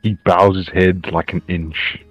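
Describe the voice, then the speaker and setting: A man's voice: sits low, fairly even intonation, a little slow, slightly rough, no room sound, soft background music. A man playing a tabletop game, describing his character in a dry, laconic way over a dull lo-fi mic. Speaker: player. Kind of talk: casual tabletop game play.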